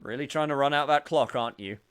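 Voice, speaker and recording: A man's voice: medium pitch, fast talker, fairly bright tone, smooth. A man casually commenting on a game stream, joking and self-mocking. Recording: game music playing behind.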